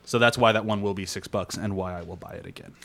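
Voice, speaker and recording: A man hosting a casual podcast, talking excitedly and laughing often. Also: on the low side, quick pace. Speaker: podcast host.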